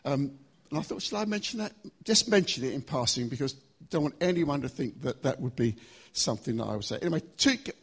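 Husky man preaching a sermon. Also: mid-range voice, lively intonation. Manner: emphatic, varied pace with slow stressed phrases.

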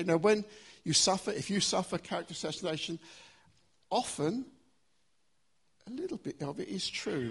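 Male preacher, husky and slightly high voice, emphatic sermon delivery. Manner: emphatic, varied pace with slow stressed phrases.

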